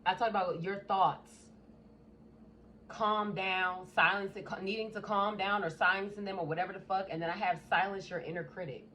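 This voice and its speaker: A woman giving a casual tarot reading in a blunt, profane, animated way. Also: mid-range voice, normal speed, a little hiss or hum. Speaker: tarot reader.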